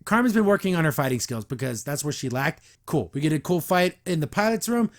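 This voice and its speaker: A man's voice: on the high side, very animated, fairly quick. A young man hosting a podcast, recapping and reacting to a cartoon episode in a casual, enthusiastic, rambling way. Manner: enthusiastic, rambling, frequent restarts and laughs.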